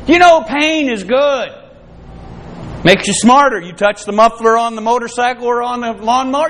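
A man preaching a sermon, often rising in pitch and loudness and acting out the voices he quotes. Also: normal speed.

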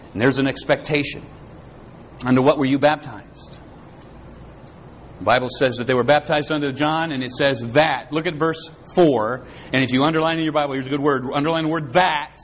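A pastor preaching a sermon, swinging between loud, dramatic lines and hushed ones. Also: male voice, fairly high pitch. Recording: dull lo-fi with faint hiss.

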